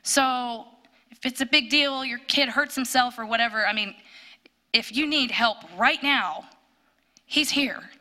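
A woman telling a personal testimony in church, storytelling with animated bursts when quoting. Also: on the high side, measured pace. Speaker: church speaker sharing a testimony.

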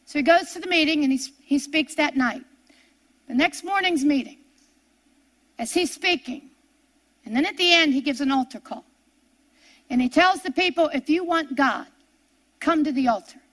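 A woman preacher with a high voice tells a story in her sermon. She often slows to long, drawn-out words for emphasis. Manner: storytelling with pleading, slowing to drawn-out prayerful emphasis.

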